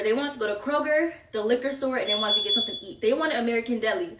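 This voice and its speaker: This storytime vlogger, a young woman, talks her audience through a rambling story, heavy on filler words and side comments to viewers. She speaks quickly in a slightly high, somewhat bright voice. The mic is far away in an echoey room, with slight background noise.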